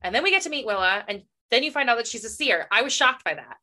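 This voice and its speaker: Bright, expressive woman in casual chat. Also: a little high. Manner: rambling, expressive, quick to laugh. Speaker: podcast co-host.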